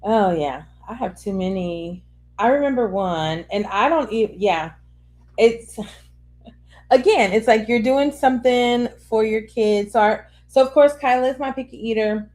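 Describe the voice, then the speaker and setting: Woman podcast co-host, thirties, slightly high voice, lively storyteller. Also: a little slow. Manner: animated storyteller, acts out scenes with laughter. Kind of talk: casual chat.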